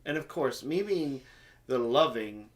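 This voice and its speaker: A man telling a funny story in a casual livestream chat, animated and self-mocking. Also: medium pitch, measured pace. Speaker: homestead livestream co-host.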